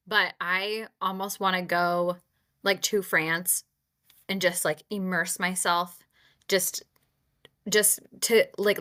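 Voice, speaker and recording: A woman co-hosting a podcast in casual chat, giggly and quick to react. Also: on the low side, bright, forceful tone. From United States. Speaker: podcast co-host.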